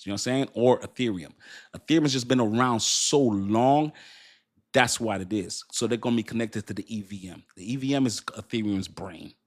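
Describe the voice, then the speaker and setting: A man's voice: fairly low pitch, fairly quick. A middle-aged man talks loosely on his own crypto livestream, laughing often and restarting his sentences as ideas come to him. He chats straight to his viewers and reads their messages out as he goes. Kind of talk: casual livestream chat.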